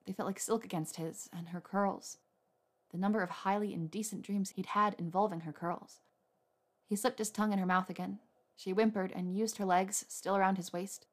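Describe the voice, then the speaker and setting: A woman narrating a romance story aloud in a soft, unhurried reading voice. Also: mid-range voice. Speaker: audiobook narrator.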